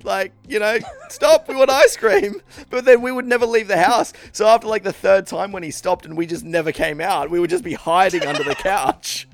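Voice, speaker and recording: A man's voice: sits high, fairly even intonation, fairly quick, vocal fry, no room sound, soft background music. A man co-hosting a podcast, telling comic stories with frequent laughter and swearing, often tripping over his words. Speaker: podcast co-host. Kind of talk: casual chat, comic storytelling.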